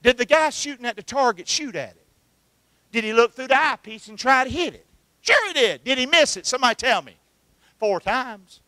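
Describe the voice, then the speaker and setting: A middle-aged man preaches, his voice high-pitched and ringing bright. He works the room with call-and-response, pressing the congregation for answers. The sound is close and dry, with almost no room echo. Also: animated, brisk. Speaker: pastor. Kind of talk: sermon.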